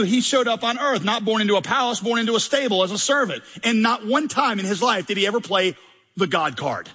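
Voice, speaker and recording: Male pastor, high bright voice with a husky edge, humorous and emphatic sermon, long hall reverb. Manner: conversational, humorous, emphatic, rhetorical questions.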